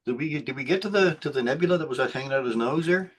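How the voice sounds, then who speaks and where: A man's voice: medium pitch, rapid-fire. A man hosting a casual online talk, teasing the guest playfully. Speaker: host. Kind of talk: casual chat.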